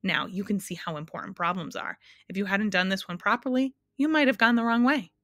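A prim, excitable male creature of twelve faces lectures in exact, numbers-heavy sentences, as a woman reads him aloud. The voice sits higher than usual, bright and crisp. The storybook reading is recorded close and dry. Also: fairly quick, no echo, close to an everyday voice. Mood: lecturing. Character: fussy male twelve-faced math creature.

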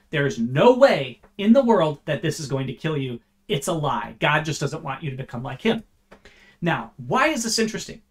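A man teaching a Bible study, explaining scripture in an earnest, conversational way and acting out lively paraphrases. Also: a little high.

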